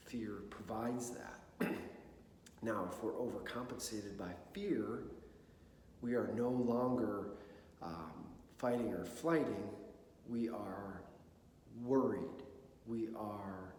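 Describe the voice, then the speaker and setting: A man's voice: on the low side, slow pace, darkish tone, a little hiss or hum. A man giving a conversational talk to an audience on mental preparedness, often checking in with "okay?" and "right?". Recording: echoey hall with long reverb.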